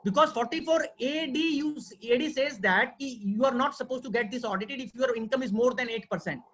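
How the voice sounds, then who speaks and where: An earnest webinar lecturer with an Indian accent who talks at a brisk clip, circling back to repeat the key points and calling listeners "sir." The voice sits at a middle pitch and comes through a video call. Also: fairly bright tone. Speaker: webinar speaker on tax law.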